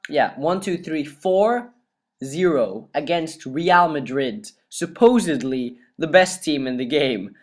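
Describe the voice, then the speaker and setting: Young guy commentating his soccer game, hoarse cracky voice, laughs a lot, swears when excited. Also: a little high, slow. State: dry, cracking voice. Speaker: gaming YouTuber. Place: cold room at home.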